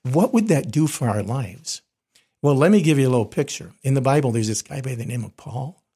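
Middle-aged male chaplain, slightly raspy, plain mid pitch, casual earnest teaching delivery with restarts. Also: lively intonation, brisk, mellow. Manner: earnest, conversational, frequent restarts. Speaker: corporate chaplain. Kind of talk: podcast teaching talk.

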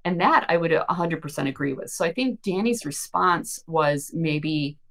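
A woman's voice: sits low, expressive, normal speed, creaky, a bit bright. A woman co-hosting a podcast, explaining things thoughtfully at length, often restarting her sentences. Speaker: podcast co-host. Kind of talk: casual discussion of search marketing news.

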